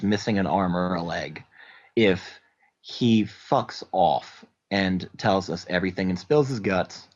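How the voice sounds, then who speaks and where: A man's voice: lowish voice, gravelly, a little mellow, muffled recording. A man playing a tabletop role-playing game, chatting casually and swearing. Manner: casual, swears, laughs at own accent slips. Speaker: player. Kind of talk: tabletop role-play chat.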